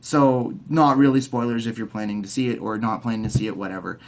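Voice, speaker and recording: A man's voice: medium pitch, fairly even intonation, quick pace, noisy background. A young man ranting in a casual video review, swearing, heated, often stumbling over his words with repeated restarts. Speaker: movie reviewer.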